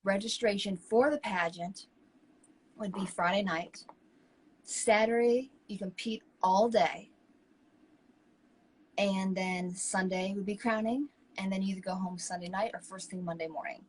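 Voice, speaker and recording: A woman co-hosting a talk show, telling stories in a lively, chatty way. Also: mid-range voice, unhurried, slight background noise, low-quality recording. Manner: animated, chatty, acts out quoted people. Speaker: co-host. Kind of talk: casual chat, personal storytelling.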